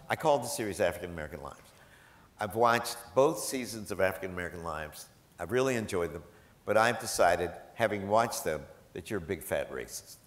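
The speaker is a man with a lowish, somewhat bright voice, a gala guest telling a live audience comic tales in a chatty, playful manner and quoting those involved. It was recorded in a large event hall with noticeable echo.

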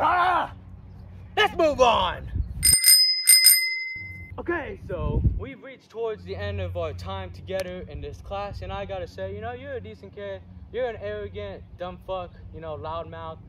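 An actor playing a hot-tempered, foul-mouthed fight instructor who curses and blusters, recorded outdoors. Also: male voice, high-pitched. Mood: gruff. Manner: cursing, blustering, filler-heavy. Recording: distant mic, clear outdoor noise.

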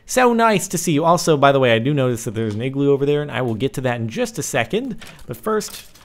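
A young man in his twenties giving casual, excitable commentary while playing a survival game, with sudden yelps. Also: medium pitch, quick pace. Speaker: gaming video host. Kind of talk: casual let's play commentary.

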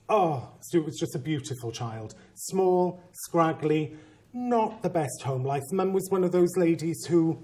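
A man who is a head teacher, giving a conference talk and telling a story with humor and animated, self-mocking asides. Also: on the high side.

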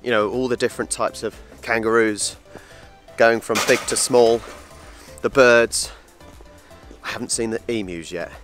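A man's voice: mid-range voice, steady tone, unhurried, a bit bright, soft background music. A man filming a travel vlog as he walks around a wildlife park, chatting playfully about the animals. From England. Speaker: travel vlogger. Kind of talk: casual walk-and-talk vlog commentary. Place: outdoor wildlife park and reptile house.

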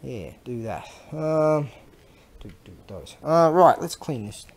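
A man's voice: medium pitch, lively intonation, takes it slowly, background noise. Rambling, joking man talking to camera. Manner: rambling, crude and joking, with mumbled asides. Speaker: vlogger selling Japanese goods. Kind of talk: casual rambling monologue while working with tools.

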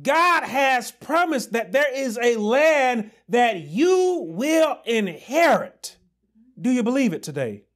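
A male pastor preaching a sermon with passion, often shouting and then dropping to low asides. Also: sing-song, takes it slowly.

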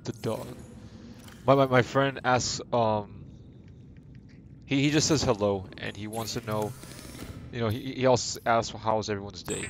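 A man's voice: on the low side, fairly even intonation, a little slow, creaky, long pauses. A young man streaming a video game live, chatting to his viewers in a rambling, playful, self-deprecating way. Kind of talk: casual live-stream chat while gaming. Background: game music.

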